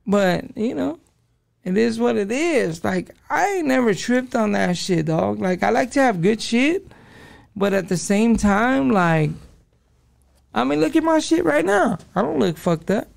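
Podcast guest, man, 40s, high-pitched and heavily gravelly, loose profane street talk. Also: animated, unhurried, no room sound. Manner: profane street slang, calls listener dog. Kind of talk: casual interview storytelling.

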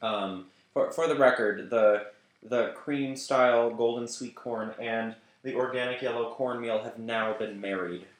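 A man's voice: medium pitch, measured pace, slight background noise. British man, podcast co-host, jokey cooking chat, echoey room. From Britain. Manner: joking, laughs often. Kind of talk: casual chat while cooking.

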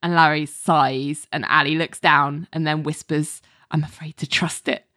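Chatty woman with a low, dry voice. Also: fairly even intonation, a little slow, bright, forceful tone, dry recording. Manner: recounts scenes in detail, acts out quotes, laughs often. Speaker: podcast co-host recapping a TV episode. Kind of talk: casual chat.

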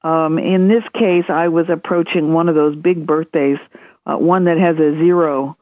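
A woman's voice: low-pitched, fairly even intonation, normal speed, no room sound. Woman, author guest, chatty storyteller, tinny phone line, dry sound. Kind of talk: interview conversation.

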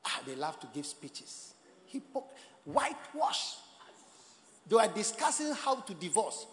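Lively mocking male preacher. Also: high voice, moderate pace, long reverb tail. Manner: lively, mocking, rising to shouts. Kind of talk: sermon. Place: church service with live congregation. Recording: noisy live church recording with crowd. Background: congregation laughing.

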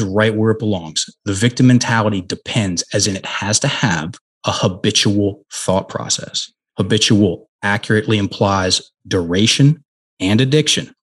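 A man's voice: fairly low pitch, breathy edge. A middle-aged man, a guest in an interview, telling a personal story earnestly with frequent restarts.

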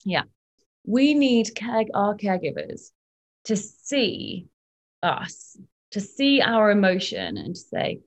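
Speaking in a mid-range voice, a female clinical psychologist lays out ideas during a laid-back interview. She comes across as measured and thoughtful, leaning on examples from everyday life.

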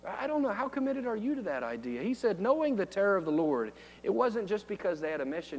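A man preaching a sermon. He asks the listeners rhetorical questions and moves from hushed storytelling to loud, fervent exhortation. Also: high-pitched, big pitch swings, fast talker, few pauses, in a large hall, a little hiss or hum, low-quality recording.

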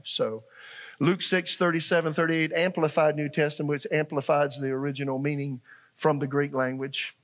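A man's voice: fairly high pitch, fairly bright tone. An older man, a pastor, preaching a conversational sermon and asking his congregation questions.

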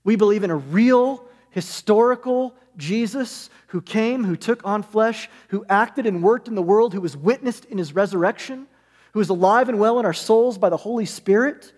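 A high-voiced male pastor preaches earnestly, stacking his points in repeated parallel phrases. His voice carries a long reverb through a large sanctuary. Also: moderate pace, darkish tone. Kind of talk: sermon.

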